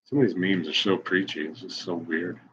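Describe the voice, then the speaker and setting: Husky low-voiced guy in his 40s rambling wry jokes on a live stream, kinda muffled lo-fi sound. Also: fairly even intonation, a little fast, fairly bright tone. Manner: wry, self-mocking, off-the-cuff. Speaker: blogger reading his posts on a live stream. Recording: dull lo-fi stream audio.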